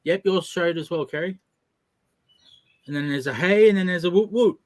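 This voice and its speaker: Aussie guy in his 40s, kinda high voice, dry close sound, laughs a lot, open and self-deprecating. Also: moderate pace, no room sound. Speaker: stream co-host. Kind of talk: casual live-stream chat.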